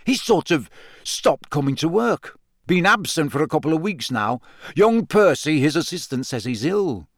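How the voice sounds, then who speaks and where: A man's voice: fairly high pitch, very animated, normal speed, no room sound, clean studio sound, voice pushed up. A man doing a jovial, flustered wizard official. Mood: confiding. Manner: hesitant, hushed and confiding. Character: jovial, nervous middle-aged male wizard official.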